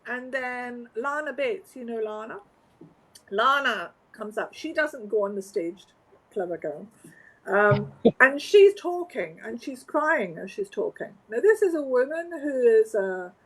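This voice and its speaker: A Scottish woman, a guest from the flower trade, telling stories in an animated, wry and emphatic way. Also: fairly high pitch, slightly rough, low-quality recording. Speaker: interview guest, floral industry organizer. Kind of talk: conversational storytelling.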